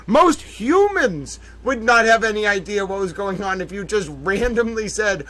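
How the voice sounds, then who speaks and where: A man hosting a livestream in casual chat, playfully theatrical, addressing his audience as ladies and gentlemen with drawn-out exclamations. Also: high voice, animated. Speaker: livestream host.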